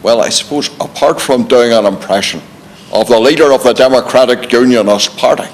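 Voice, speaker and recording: A man's voice: mid-range voice, brisk, in a large hall. A man with a Northern Irish accent, a politician answering in a modest, wry way.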